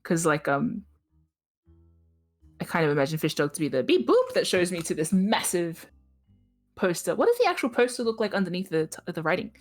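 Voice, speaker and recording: A woman playing in a tabletop session, playful and quick to joke. Her voice sits somewhat low but leaps animatedly up and down. Faint music plays behind her. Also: big pitch swings. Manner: playful and joking, laughs often. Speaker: player. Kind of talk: casual tabletop game chat.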